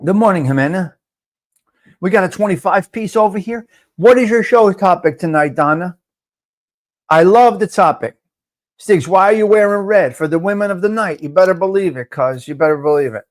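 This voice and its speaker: Man, live-stream host, high voice, loud, swearing, chatty. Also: moderate pace. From North Jersey. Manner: loud, profane, talks to viewers by name. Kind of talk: casual live-stream chat.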